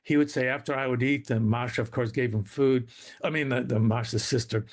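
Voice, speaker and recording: A man tells a family story as a radio guest, with a mid-pitched voice. He acts out the people in it, sweeping his voice up and down as the story rises and falls. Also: fairly even intonation, a little fast. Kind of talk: storytelling on a radio talk show.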